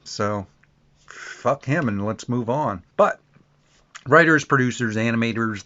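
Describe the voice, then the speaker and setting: A man delivers an animated, foul-mouthed review in a casual ranting style. His pitch sits in an ordinary middle range. The recording sounds slightly dull and lo-fi. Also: moderate pace. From Canada. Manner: blunt, profane, animated. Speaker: video reviewer. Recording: muffled lo-fi audio.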